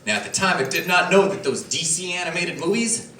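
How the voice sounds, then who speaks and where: A man doing a stand-up routine on a comedy club stage, telling rambling stories with chuckles and quick impressions. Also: high voice, slight background noise. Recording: roomy club sound from a distance, loud crowd. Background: audience laughter.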